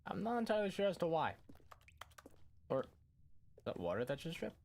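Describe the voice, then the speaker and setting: A man's voice: a little high, very animated, brisk, creaky, darkish tone. A young man giving goofy, easily startled commentary while playing a game and talking back to it. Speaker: gaming youtuber. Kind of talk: casual gameplay commentary.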